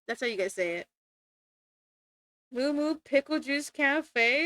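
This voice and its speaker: A woman's voice: sits high, lively intonation, measured pace, pauses often, bright, forceful tone, dry recording. A young woman streamer chatting casually while drawing, rambling and giggling, with casual swearing.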